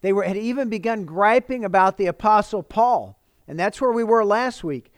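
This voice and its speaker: Earnest, smooth-voiced man preaching. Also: high voice, expressive, normal speed, no echo. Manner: warm, earnest and conversational, with many fillers. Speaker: pastor. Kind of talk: livestreamed sermon.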